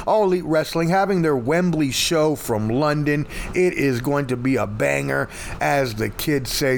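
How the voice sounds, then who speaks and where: High-voiced, hyped-up male podcast host. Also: slight background noise. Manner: hyped and playful, fond of slang and catchphrases. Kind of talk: casual podcast sign-off.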